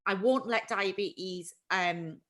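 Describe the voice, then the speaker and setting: Woman hosting a live stream, chatty, laughs at herself a lot, average pitch. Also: takes it slowly, a bit bright. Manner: chatty, laughs often, self-deprecating. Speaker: livestream host. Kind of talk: casual live chat.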